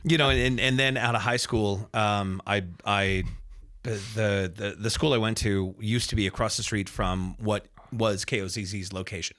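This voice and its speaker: A man in his fifties from Reno, Nevada, a radio host and sports announcer telling stories as a podcast guest, animated and acting out the people he describes, with plenty of fillers. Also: fairly low pitch, normal speed. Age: 50s. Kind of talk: casual storytelling interview.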